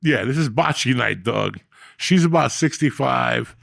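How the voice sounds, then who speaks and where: A man hosting a podcast, telling a long profane story in a loud, animated street manner. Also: mid-range voice, unhurried, creaky, no room sound, clean studio sound. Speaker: podcast host. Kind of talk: casual storytelling.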